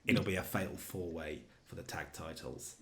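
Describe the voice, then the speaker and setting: A man co-hosting a casual chat, recapping wrestling storylines with animated storytelling. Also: low-pitched. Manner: animated storytelling, does quick character voices in quotes. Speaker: co-host recapping a wrestling sim save.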